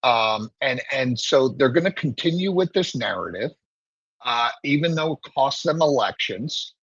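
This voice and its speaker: A man giving political commentary as a guest, emphatic and opinionated, talking in steady runs. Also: medium pitch, a little slow, slightly rough, dry recording, highs cut off. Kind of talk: political talk show commentary.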